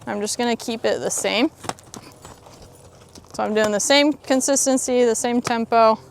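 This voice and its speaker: Woman ranch trainer, gravelly texture, talks through a demo, soothing with the horse, faint outdoor noise. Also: fairly high pitch, moderate pace. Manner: encouraging, soothing praise to a horse.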